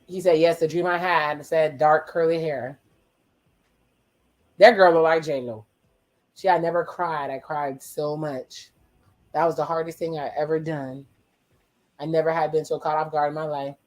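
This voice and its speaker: Pitched at a medium level with a steady, slightly mellow tone, this casual watch-along host talks back at the screen. Swearing freely, they toss out wry exclamations and slip into quick quoted voices to retell what the people on screen say, all as relaxed reaction commentary.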